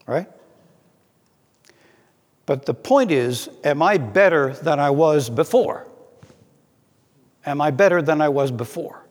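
A man preaching a sermon in an earnest way, slowing down to read scripture aloud. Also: a little high, darkish tone, long reverb tail.

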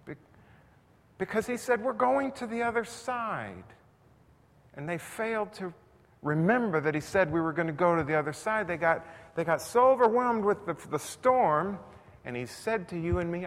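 A man's voice: on the high side, a bit bright. A man preaching a sermon in a conversational style that builds to intense emphasis. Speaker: pastor. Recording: long reverb, faint noise.

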